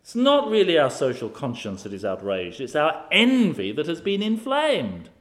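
Male preacher, lively expository sermon, somewhat high voice, rhetorical questions. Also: moderate pace.

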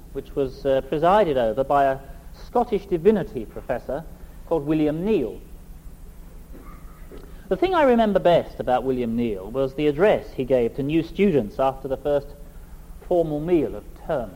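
A middle-aged man preaching a sermon, reading scripture and then speaking in a measured, emphatic, rhetorical way. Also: fairly high pitch, very animated, warm tone, poor audio.

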